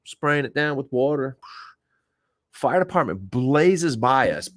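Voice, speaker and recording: A man from Oklahoma hosting a show, telling his own stories in a loose, profane way and jumping up in pitch when he acts out what people said. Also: unhurried, dry recording, studio quality. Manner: animated, profane, acts out quoted voices with big pitch jumps. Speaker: podcast host. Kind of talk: casual storytelling to a live audience.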